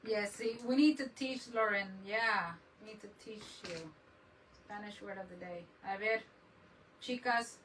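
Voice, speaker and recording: A woman's voice: medium pitch, measured pace, fairly bright tone, far from the mic, rough recording. A woman chatting casually on a crafting livestream, laughing often and mixing Spanish words into her English.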